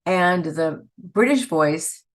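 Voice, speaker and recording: A woman's voice: on the low side, expressive, slow pace. A woman, a voice actor telling stories in a casual interview and laughing often. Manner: chatty, laughs often, storytelling. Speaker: voice actor guest.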